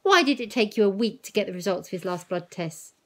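A woman's voice: mid-range voice, animated, a little fast, natural voice. A woman reading aloud as an upset mother, raised and accusing in tone. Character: upset, angry mother of a sick boy.

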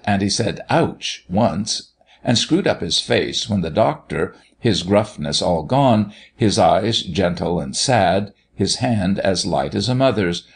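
Guy narrating an old christmas story, gravelly husky voice, lots of pitch swing. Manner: expressive, animated reading. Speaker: audiobook narrator.

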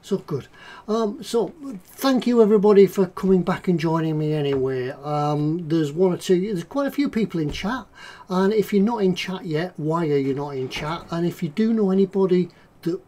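Mellow-voiced man, rambling chat. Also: high-pitched, expressive, moderate pace. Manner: rambling, jokey, chatty. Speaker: livestream host, model maker. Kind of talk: casual livestream chat.

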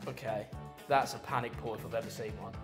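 A man's voice: on the low side, steady tone, roomy sound, faint music behind. A man in his twenties presenting a gaming video, teasing his friends in playful banter. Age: 20s. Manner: teasing, quick-witted and playful. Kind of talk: casual banter over video games.

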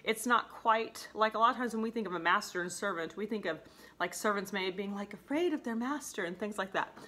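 A woman teacher walks students through a scene in a casual, chatty way, with frequent laughs and "okay?" checks. Her voice sits at a middle pitch and sounds bright and forceful. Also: a little fast, slight background noise. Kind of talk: casual classroom explanation.

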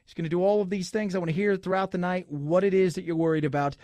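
A man's voice: high voice, steady tone, quick pace, a little mellow, no echo. A middle-aged man hosting a radio talk show, chatting casually with joking, sarcastic asides. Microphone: studio microphone.

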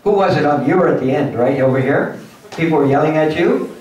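A man giving a lively motivational lecture at a symposium, acting out little scenes for his audience. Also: fairly high pitch, brisk, crowd noise. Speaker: guest speaker at a symposium. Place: university lecture hall. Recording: echoey hall from far off.

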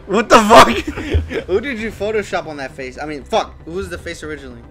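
A man's voice: high voice, fairly quick. A young man co-hosting a podcast, casual and blunt, with crude jokes. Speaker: podcast co-host. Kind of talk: casual chat.

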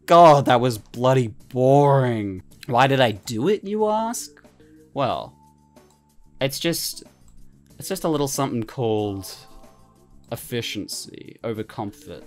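A man giving casual let's-play commentary, excitable, swearing casually and laughing often. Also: medium pitch, slow, faint music behind. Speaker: gaming commentator.

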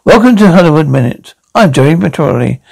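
A goofy flustered actor on a sitcom, kinda high pitched, a bit gravelly. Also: male voice, expressive, fairly quick, a little mellow. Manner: stumbles over his words and restarts. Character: bumbling good-natured male actor, easily flustered. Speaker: actor auditioning as TV host. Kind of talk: sitcom acting.

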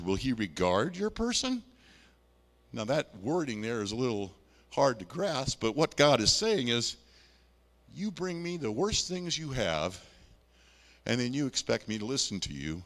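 A male pastor preaching with a lively, swinging pitch. He talks to the congregation in a folksy, conversational way, mixing scripture reading with homely asides. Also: big-room sound. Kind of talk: sermon.

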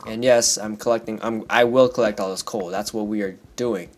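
Hoarse teen boy rambling over gameplay. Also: fairly low pitch, steady tone, fairly quick. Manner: rambling, jumpy, yelps when scared. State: hoarse from screaming. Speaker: gaming YouTuber. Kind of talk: Minecraft let's play commentary.

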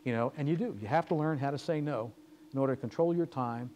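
A man talks quickly through a lecture, spinning business stories and voicing both sides of each conversation. His pitch sits in an ordinary middle range. A faint hum of room noise stays under the voice. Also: a little mellow. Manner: storytelling, acting out quoted dialogue. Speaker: guest speaker. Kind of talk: lecture with anecdotes. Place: lecture hall.

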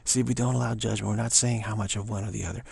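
A man's voice: on the low side, steady tone, racing, creaky, darkish tone, breathy edge. A man giving an informal spiritual talk in his own video studio, emphatic and repetitive, often chuckling. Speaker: spiritual teacher.

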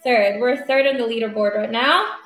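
Bubbly high-voiced Filipino woman streamer. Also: moderate pace, fairly bright tone. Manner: bubbly, switching between English and Tagalog, thanking viewers. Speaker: livestream host. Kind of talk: casual livestream chat. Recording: roomy sound with faint music.

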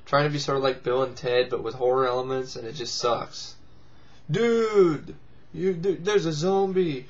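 A vlog host delivers casual, comedic commentary that's sarcastic and profane, mocking things in squealed put-on voices. His voice sits at a medium pitch and moves at a normal speed, though the recording is muffled.

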